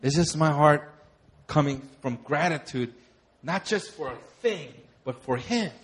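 A young man preaching, his voice sitting a little higher than most men's. He speaks conversationally, moving from quiet, earnest reflection into lively, laughing stories. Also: unhurried, breathy edge. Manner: conversational, animated storytelling with laughter. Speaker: pastor. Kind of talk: sermon.

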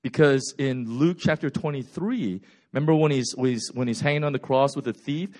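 A male preacher in full storytelling mode, his voice jumping from loud, quick bursts to hushed, slow lines. He acts out characters as he goes and keeps the delivery casual and conversational. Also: mid-range voice. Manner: swings from loud and fast to quiet and slow. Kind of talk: sermon.

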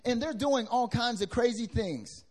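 A young man preaches from the pulpit in a fairly high voice. He swings from loud bursts to soft asides and drops into casual slang to address the congregation. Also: moderate pace. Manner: lively preaching with wide swings in pitch and loudness, casual slang. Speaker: pastor. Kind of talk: sermon. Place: church hall with congregation.

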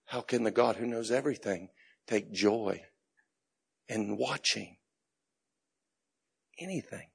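A middle-aged man pastor preaching a sermon, telling a personal story with laughs and bursts of shouting. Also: on the low side, takes it slowly, gravelly, long pauses, breathy edge. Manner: animated storytelling, laughing, shouting in retold moments.

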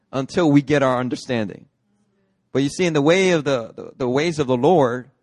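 A man preaching a lively, story-driven sermon, slipping into playful character voices as he goes. His voice sits a little high for a man. The sound is dry and close. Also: no room sound. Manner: animated, acts out movie characters with put-on voices. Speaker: pastor. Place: church hall, dry sound.

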